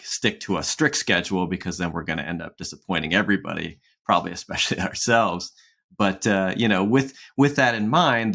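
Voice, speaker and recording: A man co-hosting a casual podcast conversation, rambling along with frequent restarts and soft laughs. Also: sits low. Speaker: podcast co-host.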